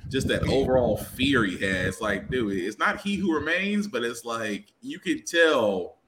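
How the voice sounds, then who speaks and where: A man co-hosting a casual podcast review chat, expressive and quick to joke. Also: medium pitch, a little hiss or hum. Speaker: podcast co-host.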